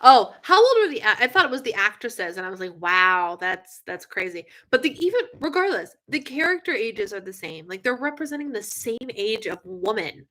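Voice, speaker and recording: Young woman chatting on her live stream, bright tone, lots of ums, keeps yawning. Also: on the high side, fairly quick, hardly any pauses. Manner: chatty, animated, yawning often, many fillers. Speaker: livestream host. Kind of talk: casual live chat with viewers.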